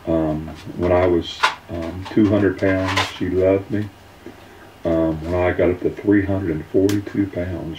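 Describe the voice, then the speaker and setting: Slow, low-voiced man, halting. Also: mellow, a little hiss or hum. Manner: halting, many filler ums, earnest. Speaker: weight-loss testimonial speaker. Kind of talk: personal testimonial talk. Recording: roomy, distant, dull mic.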